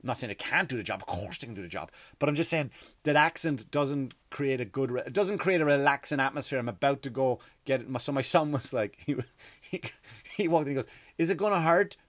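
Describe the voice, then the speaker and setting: Brisk and medium-pitched, with no room sound, this thirtysomething Irishman tells a comic story on his podcast. He swears, wanders off on asides and keeps starting over.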